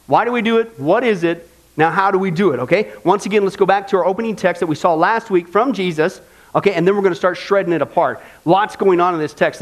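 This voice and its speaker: A high-pitched male pastor delivers a lively, folksy sermon, frequently asking the congregation to agree with him.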